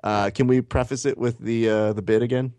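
A man co-hosting a podcast, telling animated stories and swearing casually. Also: medium pitch, fairly quick, no echo. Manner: animated storyteller, acts out quotes, swears. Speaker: podcast co-host.

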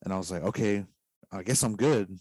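A man with a fairly low voice tells a story in a loose, rambling way, leaning on "like" every few words. The sound is dry and close, with no room echo. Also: a little fast, darkish tone, breathy edge. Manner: rambling, heavy use of "like" fillers. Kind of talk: casual storytelling.

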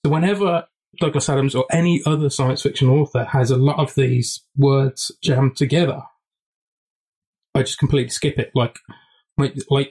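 A man's voice: mid-range voice, darkish tone, slightly rough, poor audio. Man telling a long rambling story on a podcast, eager, mid-range voice. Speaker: podcast co-host. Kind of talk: casual chat.

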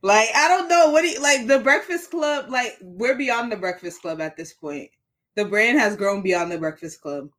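A woman co-hosting a podcast in casual chat, with loose slangy talk that swings in pitch and loudness. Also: expressive, normal speed. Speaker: podcast co-host.

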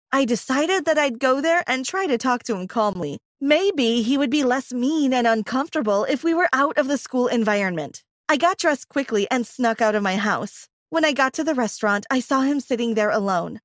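A woman's voice: a little high, no echo. A woman narrating a dramatic first-person story, emotional and acting out her own lines with big swings.

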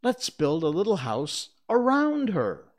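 A man's voice: sits high, slow, voice pushed up, full character voice. A man voicing Peter, a bossy, eager boy who leads the others, in a storybook reading. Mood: commanding. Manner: commanding, excited.

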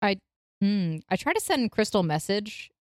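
A woman's voice: medium pitch, big pitch swings, normal speed, dry recording, studio quality. Playful woman tabletop player. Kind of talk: casual tabletop play.

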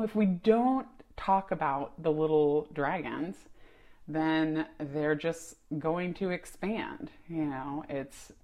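A woman hosting her own podcast, talking in a casual, reflective way with many fillers and restarts. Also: on the low side. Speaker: podcast host. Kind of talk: casual solo podcast talk.

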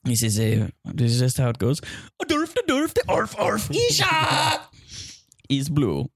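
A man's voice: mid-range voice, measured pace, warm tone, dry recording, clean studio sound, voice pushed down. A man improvising as a pompous exchange student who claims to be German and spouts fake German words. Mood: boastful. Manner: boastful, defensive, mangling fake German words. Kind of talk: improvised comedy scene.

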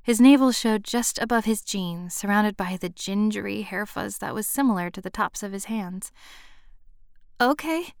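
A woman's voice: medium pitch, normal speed, vocal fry, few pauses, clean tone, dry recording, clean studio sound. Woman reading a first-person romance story. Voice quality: expressive, lively storytelling. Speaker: narrator.

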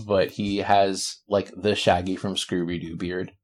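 A man's voice: low-pitched, little pitch movement, measured pace. A man acting as game master, narrating a tabletop game with joking asides.

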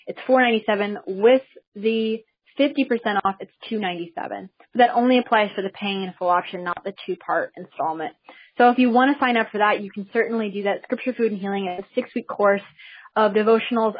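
Enthusiastic woman hosting a call, husky. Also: medium pitch, muffled recording. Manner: enthusiastic, chatty, with restarts. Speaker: host of a teleseminar. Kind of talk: casual talk to listeners on a call.

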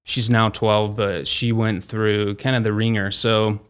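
A company founder appears as a guest and tells a story casually, using plenty of fillers like "like" and "you know" and acting out the quoted dialogue. His voice is on the low side and clear and resonant, with a flat delivery and a slightly slow pace.

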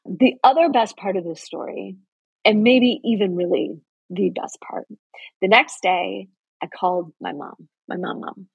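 A woman's voice: mid-range voice, a little slow, vocal fry, husky, no echo, muffled recording. A middle-aged woman, a TV news anchor, earnestly telling a heartfelt personal story in an interview.

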